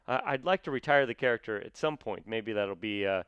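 A man with a smooth, clear voice talks through a casual sports chat, pausing often on fillers and restarting his sentences. The sound is dry and close, with no room around it. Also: lowish voice, fairly bright tone, dry recording, dull audio. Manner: hesitant, many fillers and restarts. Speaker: comedy sketch performer, guest.

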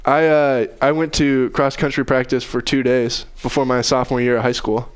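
Joking young man, smooth voice. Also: medium pitch, flat delivery, moderate pace. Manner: joking, rambling with many fillers. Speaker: podcast co-host. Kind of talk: casual sports chat.

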